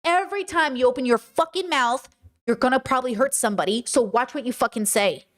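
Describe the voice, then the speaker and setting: High-pitched speaker, emphatic and profane, lecturing the audience, livestream monologue, reacting to chat. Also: brisk, a bit bright. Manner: reads and answers chat comments. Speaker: livestream host.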